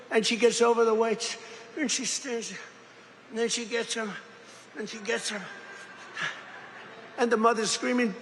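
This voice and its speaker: A man's voice: very high-pitched, level tone, normal speed, long pauses, slight background noise. Older man rambling at a rally. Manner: digressive, boastful, mocking asides. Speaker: politician giving a speech. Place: large industrial hall. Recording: echoey hall, faint crowd ambience.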